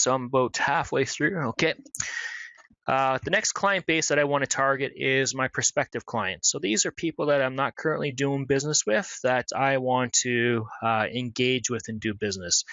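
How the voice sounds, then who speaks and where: A man giving a webinar presentation in a brisk, conversational way, full of fillers. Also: mid-range voice, bright, forceful tone, no room sound, lo-fi sound. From Canada. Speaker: marketing presenter.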